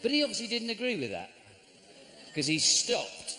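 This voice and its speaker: Animated stand-up comedian, loud live crowd. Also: male voice, high voice, normal speed. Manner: deadpan grumbling with sudden shouted outbursts. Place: large theatre stage. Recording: live show with constant audience noise.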